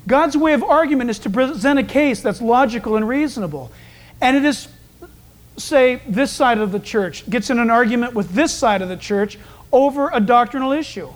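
A male pastor delivers an expository sermon with animated, emphatic energy. His voice sits high for a man. He often breaks into acted-out voices for the people in his stories. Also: moderate pace. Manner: animated, emphatic storytelling that acts out quoted voices.

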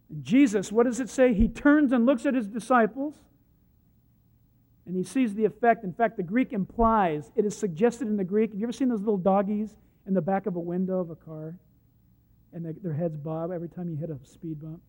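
A male preacher giving a sermon, emphatic, swinging from hushed asides to loud points and acting out the scripture stories he tells. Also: high voice, brisk. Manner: acts out the Bible quotes he tells. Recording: muffled lo-fi recording.

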